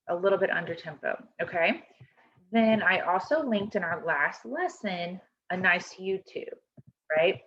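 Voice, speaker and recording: A woman's voice: lowish voice, fairly bright tone. A woman teaching a choir lesson over a video call, explaining a score step by step and often checking in with "okay?". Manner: encouraging, instructive, checks in with "okay?". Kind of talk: online music lesson. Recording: dull lo-fi video call audio.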